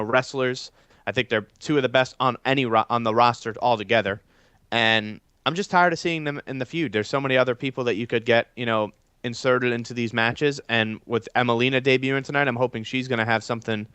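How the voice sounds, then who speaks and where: A man's voice: mid-range voice, sharp tone, smooth, no room sound. A man co-hosting a wrestling podcast, steadily leading the discussion in casual talk. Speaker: podcast co-host.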